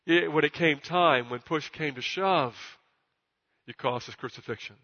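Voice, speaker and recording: A male pastor preaching a sermon in church, emphatic and repeating himself, climbing to loud peaks and stumbling over words at times. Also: on the high side, measured pace. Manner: stutters at times. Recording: dull recording with long church reverb.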